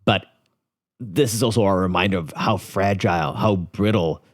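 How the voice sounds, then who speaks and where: A podcast co-host with an Israeli accent talks thoughtfully in a casual chat, often hesitating and restarting his sentences. His voice is low and at normal speed, recorded with clean studio sound and no echo.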